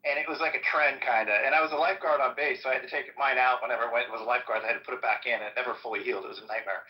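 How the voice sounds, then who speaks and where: A man's voice: medium pitch, steady tone, sharp tone, poor audio. A man who is a Marine veteran, telling a story in casual chat with frequent swearing. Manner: profane, fast, chatty.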